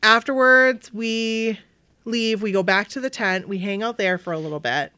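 The recording is dry, carrying a smooth, mid-range woman's voice at normal speed. She's from Maine, USA, telling a story in casual chat with animation, acting out quoted voices and using "like" often.

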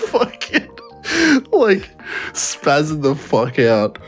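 A young man telling a story in casual podcast chat, rambling, swearing often and laughing through it. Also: a little high. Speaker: podcast co-host.

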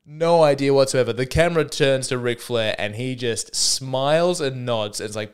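Rambling sarcastic Australian man, smooth voice. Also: medium pitch, moderate pace, hardly any pauses. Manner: rambling, self-deprecating, sarcastic. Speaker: comedian podcast host. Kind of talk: solo comedy podcast monologue.

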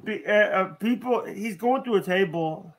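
High-voiced stammering young man. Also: moderate pace, a bit bright. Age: 20s. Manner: stammering, heated ranting. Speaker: guest. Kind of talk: casual livestream banter.

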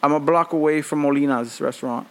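A blunt, no-nonsense wife who says everything flatly and matter-of-factly, as a man quotes her with a gravelly voice. She has a plain, steady delivery with little fuss. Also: on the high side, fast talker, close to an everyday voice. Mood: deadpan. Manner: flat and matter-of-fact. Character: blunt, deadpan wife, adult woman.

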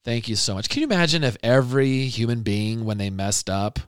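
A man's voice: fairly low pitch, no room sound. Earnest middle-aged man, dry close sound. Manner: earnest, conversational, frequent restarts. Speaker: podcast host and parenting speaker. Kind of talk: casual podcast talk.

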